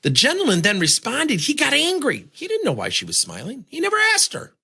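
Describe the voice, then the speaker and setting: A man's voice: extremely high pitch, huge pitch swings, a little fast, vocal fry, sharp tone, breathy edge. A man giving a motivational talk on communication, leaning on many rhetorical questions. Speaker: speaker on communication.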